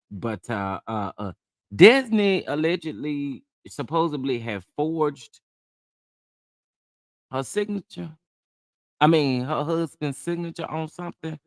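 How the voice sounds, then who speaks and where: A man's voice: mid-range voice, dry recording, clean studio sound. A man hosting a casual live chat, feeling under the weather, greeting viewers by name in a chatty, drawling way. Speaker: livestream host.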